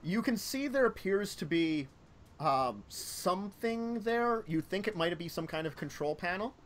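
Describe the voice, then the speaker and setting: A man's voice: sits high, lively intonation, measured pace, a bit bright, a little hiss or hum. A man narrating a tabletop game as game master, rambling with many fillers and self-corrections.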